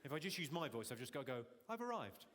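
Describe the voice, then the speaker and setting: Brief: high-pitched deadpan male comic, long hall reverb, loud noise. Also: fast. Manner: deadpan, teasing the audience. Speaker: stand-up comedian. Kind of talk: stand-up comedy with crowd work. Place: large theatre in Glasgow.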